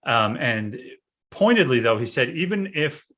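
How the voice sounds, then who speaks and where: A man talking casually on a podcast, halting with many fillers and restarts. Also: mid-range voice, sing-song, fairly bright tone. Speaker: podcast host, guest this episode. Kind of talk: casual conversation.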